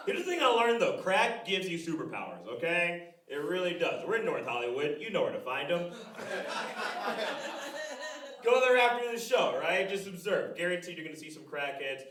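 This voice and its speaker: A man in his thirties performs a stand-up set in a small club, animated and often jumping into loud impressions. His voice is bright and fairly high for a man. He sounds a little distant in an echoey room. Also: moderate pace. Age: 30s. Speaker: stand-up comedian. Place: live comedy club stage. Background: audience laughter.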